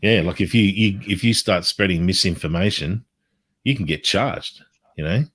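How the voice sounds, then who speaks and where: A man's voice: deep voice, moderate pace, a bit bright, husky. A man chatting on a live stream, rambling and swearing freely. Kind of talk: casual chat.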